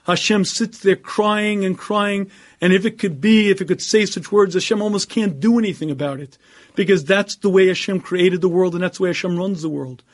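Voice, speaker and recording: A man giving an earnest Torah lecture as a rabbi, often clearing his throat, then reading out audience questions. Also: high-pitched, brisk.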